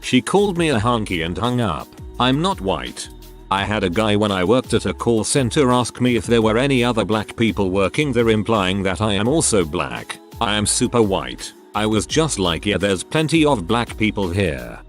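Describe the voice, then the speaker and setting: Low-voiced man narrating online stories. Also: animated, moderate pace, soft background music. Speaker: narrator of a story channel.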